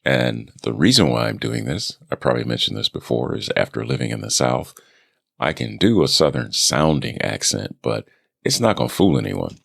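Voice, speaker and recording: A man hosting his own podcast, chatting casually about his voice-over work, with relaxed, self-deprecating asides. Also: rumbling low, normal speed, creaky, no echo, clean studio sound. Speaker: podcast host. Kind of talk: casual solo podcast update. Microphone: studio microphone.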